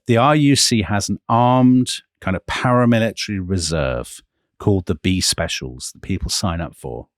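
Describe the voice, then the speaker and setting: A man co-hosting a history podcast, telling the story with animated emphasis. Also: low voice, no echo, studio quality. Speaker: podcast co-host.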